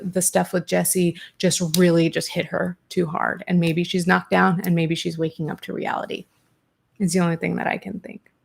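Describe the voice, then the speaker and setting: A young adult woman hosting a podcast, reading viewer comments and reacting in a candid, animated way, swearing freely. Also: lowish voice, creaky. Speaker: podcast host.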